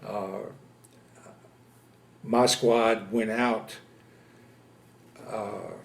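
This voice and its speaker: A man in his seventies from Louisiana, recounting his war experiences in an oral history interview, speaking haltingly with many pauses and fillers. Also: on the low side, gravelly, darkish tone. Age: 70s. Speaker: veteran interviewee. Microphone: interview camera setup.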